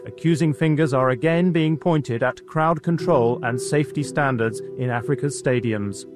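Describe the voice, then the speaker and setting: A male newsreader delivers a bulletin in a formal, crisp broadcast manner at a mid pitch. Faint music runs underneath. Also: normal speed. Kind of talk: broadcast news reading.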